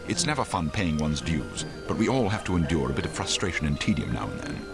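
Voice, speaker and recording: Aging spy mentor, dry, sardonic, very low voice, loud game music behind. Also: male voice, big pitch swings, brisk, creaky, full character voice. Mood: stern, reassuring. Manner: dry, sardonic, world-weary. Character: aging male spy, wry weary mentor.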